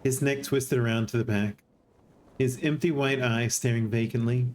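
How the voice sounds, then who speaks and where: A streamer reading a text adventure aloud in an even voice, with amused asides now and then. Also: medium pitch, normal speed, slight background noise. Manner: reads narration evenly and breaks in with surprised laughing asides.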